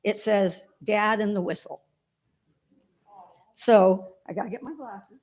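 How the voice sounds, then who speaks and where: A woman's voice: medium pitch, slow pace, darkish tone. A woman giving a heartfelt, rambling eulogy for her father at a church memorial service.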